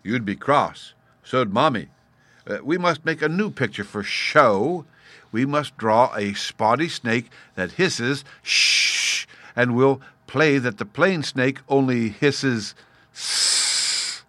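A man's voice: medium pitch, expressive, a little slow, fairly bright tone, dry recording. A man reading a storybook and voicing a patient, playful caveman father who explains things step by step. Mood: explaining.

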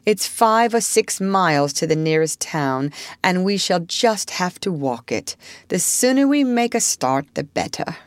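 A woman reading aloud while voicing a male water rat who is firm and practical, sharp and loud when roused. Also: fairly low pitch, animated, measured pace, no echo. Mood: grim. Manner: sharp and forceful when angry, firm otherwise. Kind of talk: storybook reading.

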